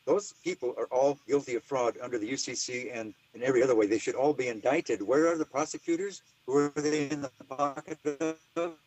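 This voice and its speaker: Older guy rambling on in an interview, emphatic, mid-pitched voice. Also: a little fast, darkish tone, no echo, low-quality recording. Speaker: interview guest. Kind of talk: casual interview talk.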